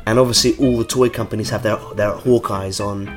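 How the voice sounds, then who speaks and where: A man's voice: on the low side, fairly even intonation, brisk, soft background music. Jokey man telling stories. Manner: jokey, storytelling, bursts into singing song lines. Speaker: podcast co-host. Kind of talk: casual chat.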